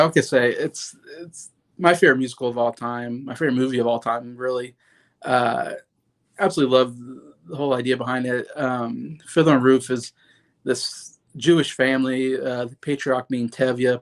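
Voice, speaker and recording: Guy in his 30s gushing about old movies, gravelly voice, says like and you know constantly. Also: mid-range voice, steady tone, normal speed. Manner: rambling, full of "like" and "you know"; enthusiastic, openly sentimental. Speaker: movie reviewer. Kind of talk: casual movie commentary.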